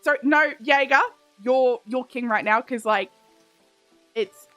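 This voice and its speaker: A fairly high-voiced Australian woman chats playfully on her stream and laughs easily between lines. Soft game music plays faintly behind her. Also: slow pace. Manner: laughs often, chatty and playful. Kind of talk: casual chat while gaming. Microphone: desk mic.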